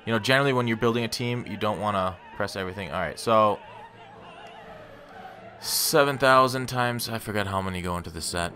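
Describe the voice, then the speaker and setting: Low-voiced man rambling over gameplay. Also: fairly quick, pushed and bright, faint music behind. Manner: rambling, self-deprecating, talks to viewers. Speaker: gaming YouTuber. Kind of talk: casual gameplay commentary.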